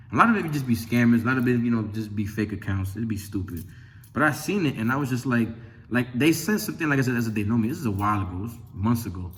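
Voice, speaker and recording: A man casually talking about scripture and his own life, rambling with many restarts and sometimes acting out conversations. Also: mid-range voice. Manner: rambling, restarts often, retells chats in raised voice. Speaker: religious video host. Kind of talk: casual religious commentary with scripture reading.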